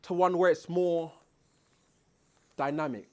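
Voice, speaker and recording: A high-pitched man delivers a keynote at a conference. He asks his audience questions as he goes. His voice moves from a low, flat murmur up to a loud, rousing call. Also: slow pace. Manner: dramatic swings in loudness and pitch to demonstrate voices. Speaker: keynote speaker. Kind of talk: conference keynote on presentation skills. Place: conference hall.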